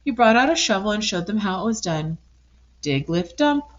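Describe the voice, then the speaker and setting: A woman reads a children's storybook aloud, her voice rising and falling with lively expression. The recording is a little dull and lo-fi. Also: mid-range voice, normal speed. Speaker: storybook reader. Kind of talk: picture book read-aloud.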